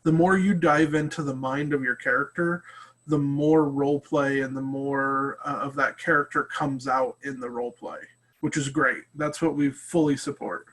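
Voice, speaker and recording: A man, a game master, speaking on a group call in halting sentences full of ums. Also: mid-range voice, fairly even intonation, fairly bright tone. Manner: hesitant, lots of ums, supportive. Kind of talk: casual video call chat.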